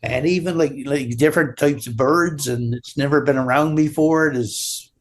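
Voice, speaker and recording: A man's voice: a little high, normal speed, a little hiss or hum. A man from Newfoundland with a Newfoundland accent, chatting as a guest in a casual interview, rambling and often ending his sentences with "right?". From Newfoundland, Canada. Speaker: guest, drywall taper.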